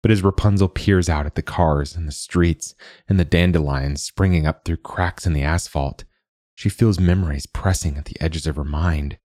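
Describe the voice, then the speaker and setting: Man, very deep voice, dry close recording, measured story narration, podcast host. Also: fairly even intonation, a little mellow, no room sound. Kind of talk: scripted narration of a short story.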